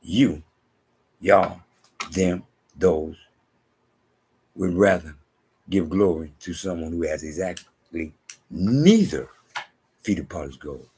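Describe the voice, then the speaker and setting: A man preaching slowly in a very deep, gravelly voice with a heavy husky rasp. He reads scripture and drives home his points by repeating them, sometimes sinking into hushed asides. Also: expressive. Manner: repetitive, emphatic, drops to hushed asides. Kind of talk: preaching monologue.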